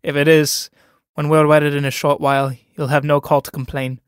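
A man's voice: on the high side, level tone, moderate pace, clear, resonant tone, dry recording, studio quality, natural voice. A man reading a play aloud, voicing a timid, awkward young man who speaks uneasily and is easily shocked.

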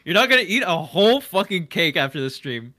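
A young man talks quickly with a bright, sharp edge to his voice, teasing bluntly with crude insults. The sound is dry and close. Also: sits high, sing-song, no room sound. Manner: blunt, teasing trash talk. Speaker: streamer's friend on call.

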